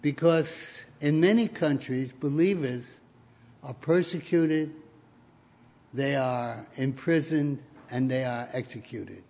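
A man's voice: mid-range voice, slow pace, darkish tone. A man preaching a sermon, telling stories and rising to emphatic peaks. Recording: dull lo-fi recording.

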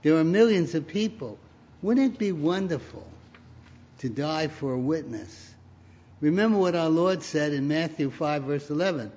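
A man's voice: on the high side, expressive, normal speed, darkish tone. A man preaching a sermon, telling stories and rising to emphatic peaks. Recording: dull lo-fi recording.

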